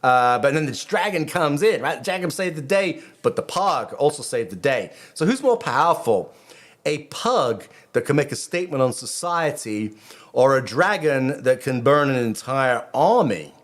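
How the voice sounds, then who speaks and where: A man's voice: mid-range voice, expressive, normal speed. A middle-aged man, a rabbi hosting his own channel, talking casually and rambling with many restarts and asides. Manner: rambling, self-interrupting, chatty asides. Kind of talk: casual video commentary.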